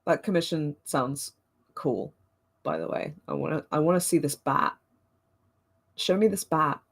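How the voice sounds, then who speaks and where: A woman's voice: sits low, unhurried, creaky. A woman hosting a watch-along of her own old gameplay videos, chatting casually and mocking herself with frequent laughter.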